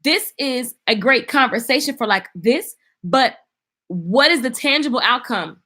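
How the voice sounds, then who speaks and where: A woman's voice: fairly high pitch, expressive, a little slow, sharp tone. A woman hosting a casual livestream, chatty and laughing, talking straight to her viewers. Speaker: livestream host selling an online course. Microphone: phone.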